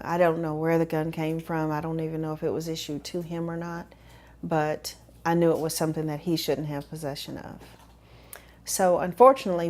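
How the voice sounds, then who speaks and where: A woman telling her own story in a measured, reflective way with frequent fillers. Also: deep voice, gravelly, darkish tone. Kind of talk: personal testimony.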